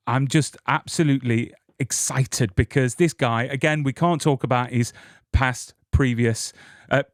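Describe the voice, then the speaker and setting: A man's voice: medium pitch, smooth, no echo, studio quality. A man hosting a podcast, introducing guests in an upbeat, effusive way. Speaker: podcast host. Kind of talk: casual interview chat.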